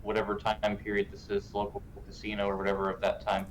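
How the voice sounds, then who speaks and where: A man's voice: lowish voice, completely flat delivery, fast talker, crowd noise, rough recording. A young man co-hosting a podcast, chatting casually and tossing in teasing jokes. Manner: joking, teasing banter. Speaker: podcast co-host. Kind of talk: casual chat.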